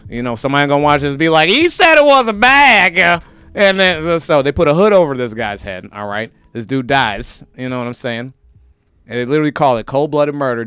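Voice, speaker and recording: A man hosting a podcast, talking in a casual, animated rant and mocking other people's voices. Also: mid-range voice, clean tone, no echo. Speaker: podcast host. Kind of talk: casual ranting chat.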